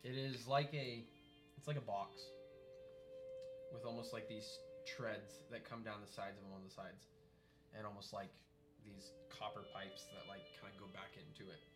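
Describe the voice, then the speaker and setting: A man's voice: lowish voice, steady tone, moderate pace, over music. A man narrating a tabletop game as game master, describing scenes in a loose, rambling way with many fillers.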